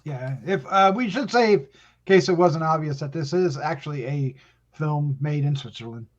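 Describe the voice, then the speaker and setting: A man's voice: on the high side, normal speed. A man hosting a casual film review podcast, laughing along and steering the panel with short questions. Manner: laughs along, brief agreeing interjections. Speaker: podcast host. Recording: dull lo-fi podcast audio.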